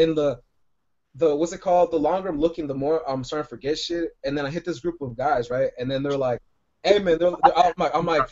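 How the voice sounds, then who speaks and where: A man spins a long, meandering story for his podcast co-hosts, cursing freely and tossing in "like" and "right?" at every turn. His voice sits a bit high for a man. The recording sounds dull and lo-fi. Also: darkish tone. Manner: rambling, profane, lots of "like" and "right?". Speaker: podcast co-host. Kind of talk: casual storytelling.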